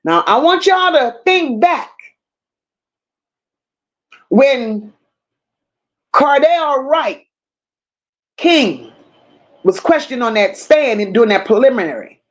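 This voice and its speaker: Woman, livestream host, high voice, slow delivery, blunt and emphatic, reads chat and greets viewers. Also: very animated. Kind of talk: casual livestream commentary reading chat.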